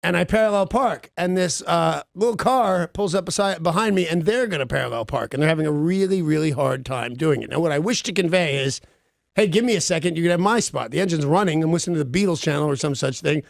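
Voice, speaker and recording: A man's voice: quick pace, gravelly, no echo, clean studio sound. A man hosting a radio show, telling a story with lots of energy, laughing at himself and acting out every quote in a jumpy voice. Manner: excitable, self-mocking, acts out quotes with big pitch jumps. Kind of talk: animated storytelling chat.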